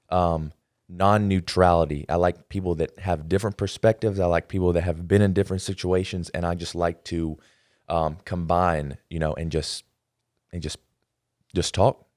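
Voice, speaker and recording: A man hosts a casual podcast interview in a very low voice, thinking aloud and pausing on fillers as he goes. The recording is dry and close. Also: a little mellow, no echo. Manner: reflective, hesitant, with fillers and restarts. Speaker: podcast host.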